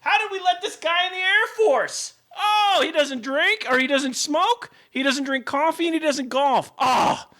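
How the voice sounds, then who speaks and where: A man's voice: unhurried, hardly any pauses, sharp tone, full character voice. A man voicing an exasperated male military recruiter, squealing in mock horror. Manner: high, squealing disbelief.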